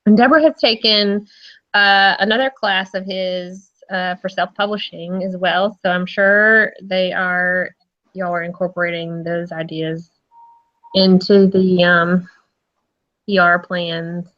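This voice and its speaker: A woman's voice: fairly low pitch, fairly even intonation, slow, pauses often, highs cut off. A woman hosting a casual live interview show, chatty, with lots of fillers and frequent laughter. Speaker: host.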